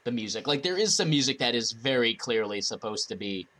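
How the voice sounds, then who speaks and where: A man's voice: mid-range voice, lively intonation, a little fast, bright, forceful tone. A man co-hosting a loose conversational show. He trips over his words and restarts sentences often. He laughs readily at the others. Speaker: podcast co-host. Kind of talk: casual chat.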